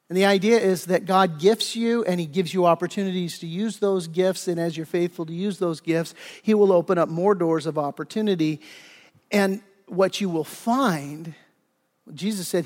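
A pastor giving a conversational sermon, animated and acting out imagined listeners, with frequent restarts. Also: male voice, high voice, in a large hall.

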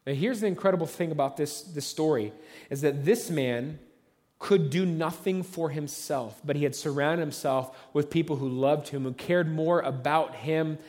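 Man, pastor, sermon, conversational storytelling, slightly high voice, long hall reverb. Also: normal speed, a little mellow.

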